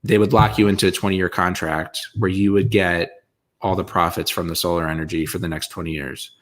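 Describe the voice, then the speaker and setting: A man's voice: sits low, flat delivery, fairly quick, a bit bright. A man co-hosting a podcast, chatting casually and rambling with lots of fillers and laughs. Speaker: podcast co-host. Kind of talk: casual chat.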